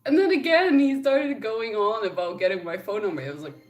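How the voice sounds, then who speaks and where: A woman's voice: medium pitch, very animated, brisk, darkish tone, faint music behind. A young woman vlogging in a casual chat to camera, telling exasperated stories and laughing often.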